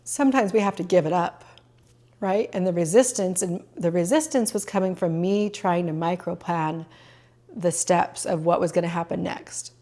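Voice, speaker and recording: A woman's voice: lowish voice, moderate pace, mellow. A middle-aged woman hosting a personal podcast, talking earnestly and openly emotional about her own life, with plenty of fillers and restarts. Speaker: podcast host. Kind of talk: personal reflective podcast monologue.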